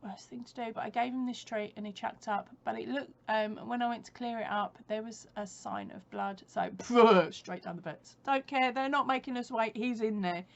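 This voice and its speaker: A woman's voice: a little high, fairly even intonation, moderate pace, creaky, hardly any pauses, dull audio. A woman chatting casually at home for her crochet vlog, rambling, laughing often and correcting herself as she goes. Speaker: crochet vlogger. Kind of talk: casual chat.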